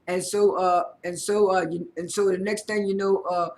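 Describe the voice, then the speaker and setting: A man casually recapping a reality show episode, halting often with fillers and repeated words as he retells who said what. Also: high-pitched, level tone, darkish tone. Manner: retells scenes by quoting people.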